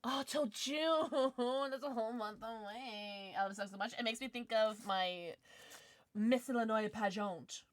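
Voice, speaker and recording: A young woman chats with viewers during a casual livestream, reading the chat in a bubbly, giggly way and saying "like" a lot. Her voice is on the high side, her pace measured, and the recording dry.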